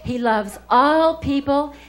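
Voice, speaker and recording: A woman hosting a comedy club, telling quick jokes in a brassy manner before introducing the next comic. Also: high-pitched. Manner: brassy, quick joke-telling then big build-up introduction. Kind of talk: stand-up emcee patter. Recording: comedy club, crowd laughter and noise.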